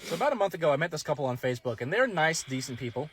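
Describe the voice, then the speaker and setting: A man in his thirties casually telling a personal story to camera in a laid-back drawl, slowing down for emphasis. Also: a little high, very animated, fairly bright tone, slightly rough. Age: 30s. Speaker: storyteller in a social media clip.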